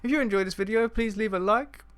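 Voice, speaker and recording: A man's voice: sits high, quick pace, a bit bright, clear, resonant tone. A man hosting a casual reaction vlog, chatty and a little hesitant. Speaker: reaction channel host.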